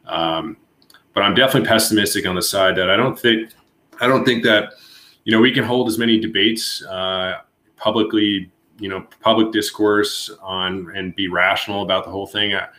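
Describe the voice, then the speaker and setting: A man speaking as a guest on a panel show, talking haltingly and restarting often. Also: fairly low pitch, fairly even intonation, sharp tone. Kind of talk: panel discussion. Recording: echoey room.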